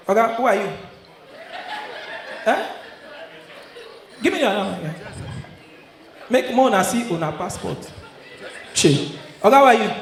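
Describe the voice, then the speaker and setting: High-voiced Nigerian stand-up comedian. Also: male voice. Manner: shouting punchlines, often laughing, in Pidgin-mixed English. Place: comedy show venue. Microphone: handheld stage mic. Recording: echoey live venue sound. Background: audience laughter.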